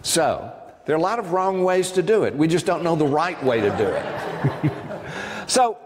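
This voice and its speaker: A man's voice: fairly high pitch, very animated, normal speed, background noise. A man giving an academic lecture to a live audience, discursive, with frequent ums and asides to his listeners. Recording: long reverb of a lecture hall.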